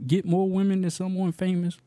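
A man's voice: high-pitched, flat delivery, brisk, mellow. Teasing man co-hosting a podcast. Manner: teasing, reads out questions. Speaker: podcast co-host. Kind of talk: casual chat.

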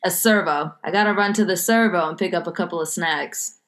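American woman quizzing her friend on slang, teasing, gives example sentences, lowish voice. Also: fairly quick, fairly bright tone. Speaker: quiz giver in a word game. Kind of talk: casual chat.

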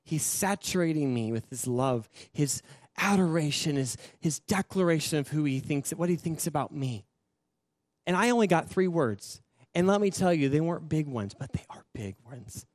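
Earnest young pastor with a dry, close sound. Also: male voice, fairly high pitch, lively intonation, normal speed, no echo. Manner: earnest, emotional storytelling with soft laughs. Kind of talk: personal testimony.

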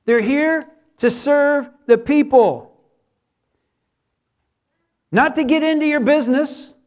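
A man's voice: very high-pitched, slow pace, darkish tone. A man who is a pastor, preaching a sermon earnestly and repeating words for emphasis.

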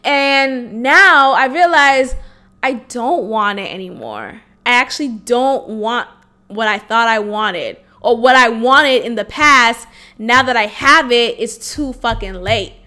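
A woman in her twenties talks through her own life on a solo podcast, frank, casual and quick to swear or laugh. Her voice sits high and comes across bright and forceful. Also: animated. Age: 20s. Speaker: podcast host. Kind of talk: candid solo podcast storytelling.

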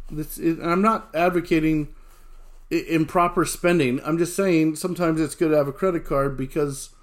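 A man telling a lively personal anecdote, acting out what people said and laughing along the way. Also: on the high side. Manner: animated storyteller who acts out quotes and laughs often.

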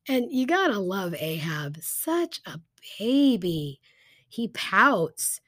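A woman casually retelling a Bible story as a teacher, chatty and animated, with lots of fillers. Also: a little high, extremely slow, no room sound, clean studio sound.

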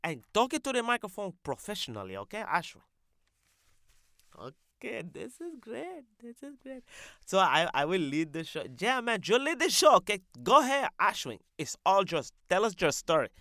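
Brief: a man as a loud, lively, profane comedy host with a bright voice. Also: moderate pace, dry recording, studio quality, full character voice. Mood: boastful. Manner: loud, brash, swears constantly, pitch jumps high. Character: brash loud profane male podcast host. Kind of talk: comic sketch.

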